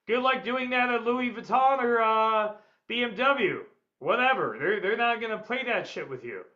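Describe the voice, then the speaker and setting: High-voiced, blunt male sales trainer. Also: moderate pace, muffled recording. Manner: energetic, blunt, swears freely, acts out client quotes. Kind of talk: webinar seminar lecture.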